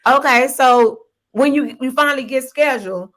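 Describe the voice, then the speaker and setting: A woman hosts a ministry talk, responding to her guest with affirmation and reflection. Her voice is fairly high, and her manner is conversational. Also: moderate pace, fairly bright tone. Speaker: ministry host. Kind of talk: conversational interview.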